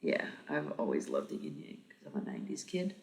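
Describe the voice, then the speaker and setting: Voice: very deep voice, wildly swooping pitch, brisk, vocal fry. A livestream host in their thirties, chatting casually with viewers, rambling, swearing freely and laughing often.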